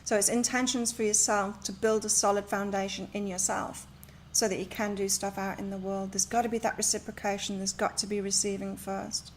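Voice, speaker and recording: A woman's voice: mid-range voice, flat delivery, a little fast, few pauses, slight background noise. A woman reading tarot and oracle cards on a live stream from her home, chatting and rambling as she gives spiritual advice. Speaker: tarot and oracle card reader.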